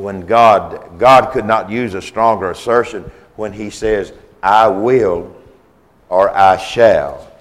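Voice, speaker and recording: A preacher with a low voice and a Southern US accent gives an earnest, insistent sermon. He frequently restarts and repeats phrases to drive his point home.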